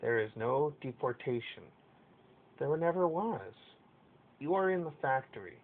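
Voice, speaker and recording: A man's voice: expressive, unhurried. Man voicing a cold mocking pony spokesperson. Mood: menacing. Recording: tinny lo-fi with faint rumble.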